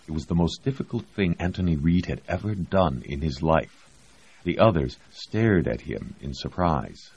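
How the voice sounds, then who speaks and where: A man narrating an audiobook in a measured, expressive storytelling manner, on a dull lo-fi recording. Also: extremely low pitch, vocal fry, slightly rough, dry recording. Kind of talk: scripted narration.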